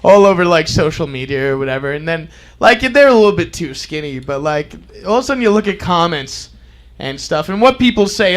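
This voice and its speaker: High-voiced man doing stand-up. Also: a bit bright. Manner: laughs through his jokes. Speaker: comedian. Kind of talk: stand-up comedy bit.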